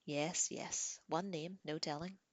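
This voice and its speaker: A woman voicing a small, sly, greedy male troll who giggles, repeats words in a sing-song way and talks in a breathy, whispery voice, as in an audiobook reading. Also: sits low, fairly even intonation, slow, dry recording.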